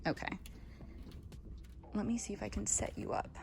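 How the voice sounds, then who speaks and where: A woman's voice: medium pitch, moderate pace, creaky, background noise. A woman vlogger giving a casual boat walkthrough, chatty and full of fillers, a bit out of breath. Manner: chatty, filler-heavy, self-correcting.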